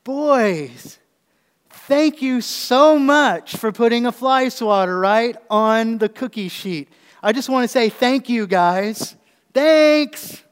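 A man's voice: very high voice, animated, slow pace, clean tone, pitched above the performer's own voice, full character voice. A man putting on the voice of his sarcastic wife, who gives falsely sweet thanks in an exaggerated way. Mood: mock sweet. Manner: exaggerated mock gratitude. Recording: echoey hall.

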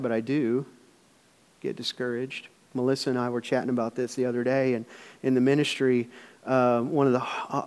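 A man's voice: a little high, a little mellow, big-room sound. A middle-aged man preaching a sermon as pastor, telling family stories in a loose, conversational way with frequent restarts. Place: church sanctuary.

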